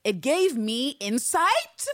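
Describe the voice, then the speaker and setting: A woman hosting a podcast in casual chat, animated and profane, with theatrical asides. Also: sits high, takes it slowly, no room sound, studio quality. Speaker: podcast host.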